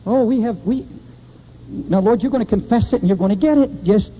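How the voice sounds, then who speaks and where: Husky high-voiced impassioned male preacher. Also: a little fast, dark tone. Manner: impassioned, swinging between high and low emphasis. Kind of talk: sermon. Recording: dull lo-fi recording in a reverberant hall.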